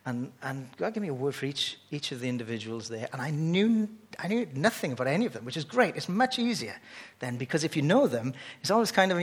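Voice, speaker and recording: A man preaching a sermon in an animated way, often restarting phrases as he builds excitement. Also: a little high, fairly quick, slightly rough.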